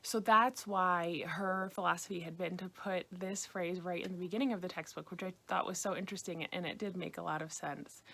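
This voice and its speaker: An American woman teaching beginners a language lesson, patiently repeating phrases slowly. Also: mid-range voice, gravelly, fairly bright tone. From United States. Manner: patient, slow repetition of phrases. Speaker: French teacher.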